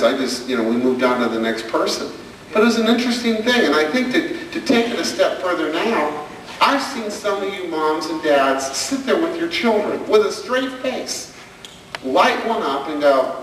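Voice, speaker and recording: A man's voice: high-pitched, expressive, normal speed, fairly bright tone, a little hiss or hum. Man telling stand-up stories in an echoey hall. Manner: storytelling, acting out his daughter's questions. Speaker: stand-up comedian and parenting speaker. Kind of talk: stand-up comedy routine. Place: hall with an audience. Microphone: far camcorder. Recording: echoey, distant camcorder recording of a hall.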